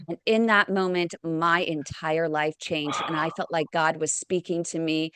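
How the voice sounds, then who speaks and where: A woman's voice: sits low, fairly even intonation, a little slow, few pauses, fairly bright tone, clear, resonant tone, no room sound. A woman on a discussion panel, the founder of an advocacy group, telling a personal story in a heartfelt, emotional way. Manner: heartfelt, emotional, tearing up at times.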